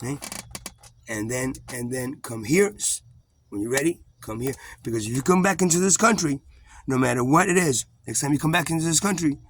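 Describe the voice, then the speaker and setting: A man's voice: medium pitch, expressive, fairly quick, a little hiss or hum, lightly acted. A man voicing a stern male military commanding officer who talks in a blunt, lecturing way. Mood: firm.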